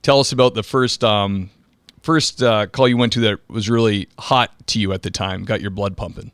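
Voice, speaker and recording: A middle-aged man hosts a casual interview, chatty and loose, with lots of fillers in his questions. His voice sits on the low side, recorded dry and close. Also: normal speed, clear, resonant tone, dry recording. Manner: relaxed, chatty, many fillers. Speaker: podcast host, police officer.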